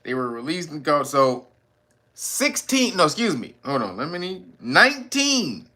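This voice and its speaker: Man, casual news commentary, slangy, profane, bright sharp voice, wide swooping pitch. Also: measured pace. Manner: animated, laughing, acts out quotes in loud high voices. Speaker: commentary podcast host.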